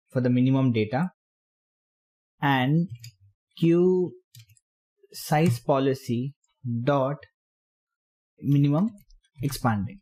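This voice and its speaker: A man explaining programming step by step while typing, in halting phrases. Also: mid-range voice, a little mellow. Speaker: programming tutor. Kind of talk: screen-recorded coding tutorial.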